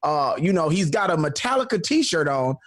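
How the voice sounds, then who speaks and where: A man hosting a live online roast show, trash-talking and laughing loudly over a video call. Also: a little high, big pitch swings, normal speed. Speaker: comedy show host.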